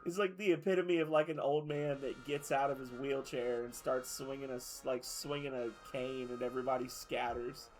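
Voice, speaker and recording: A man's voice: medium pitch, steady tone, moderate pace, faint music behind. A man streaming a game in casual chat, rambling through stories, swearing and laughing as he goes.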